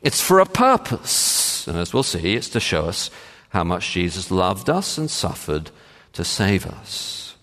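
A man preaching a sermon as pastor, measured and emphatic, with frequent pauses and "uh" fillers. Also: low-pitched, very animated, fairly bright tone. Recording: long reverb of a large hall.

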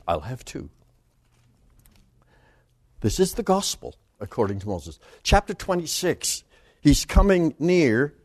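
A man preaching a sermon, reading scripture with loud, soaring passages and dropping to quiet asides. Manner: dramatic swings between booming scripture reading and quiet asides.

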